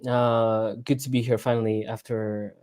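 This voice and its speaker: A man's voice: on the low side, level tone, a little slow, a little mellow, clean tone. A man co-hosting a casual football livestream, rambling and stammering with sarcastic asides. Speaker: livestream co-host. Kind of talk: casual football podcast chat. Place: home room, lives abroad.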